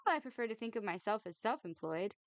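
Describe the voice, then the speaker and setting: A woman voicing a reserved young woman who answers with dry, deadpan wit. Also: mid-range voice, fast talker, no room sound, lightly acted.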